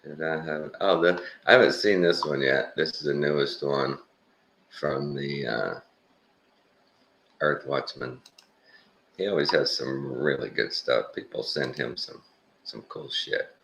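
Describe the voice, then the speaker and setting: A man's voice: a bass voice, unhurried, vocal fry, long pauses, fairly bright tone, echoey room. A Texan man casually rambling through a reaction video, searching aloud and retelling clips. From Texas. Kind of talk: casual commentary while watching clips.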